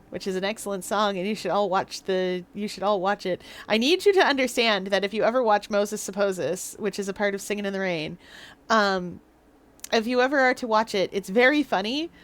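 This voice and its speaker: A woman's voice: mid-range voice, moderate pace. Woman streamer, playful and rambling, casual game chat.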